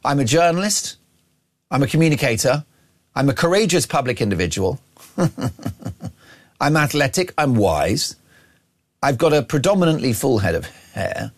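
Man, radio host, brash, mocking, boastful banter, animated pitch, opinion monologue. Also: moderate pace, pauses often. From Ireland.

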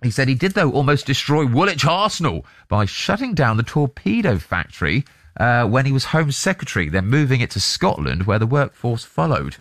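A man's voice: medium pitch, big pitch swings, brisk, a bit bright, no echo, clean studio sound. A man from England presenting a casual breakfast radio show, reading out listener messages with easygoing short reactions.

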